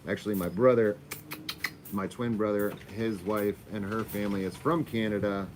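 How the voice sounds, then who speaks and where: Wrapping up a casual livestream, a Florida man chats loosely with his viewers and his dog, cursing occasionally. He has a lowish voice with fairly even intonation at normal speed, over some background noise.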